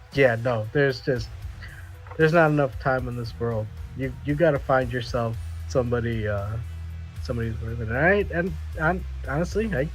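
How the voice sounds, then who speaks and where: A man rambles through casual podcast chat, crude and often groping for the right word. His voice sits at a middling pitch, with faint music behind him. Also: rough recording. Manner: rambling, crude, searching for words. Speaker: podcast panelist.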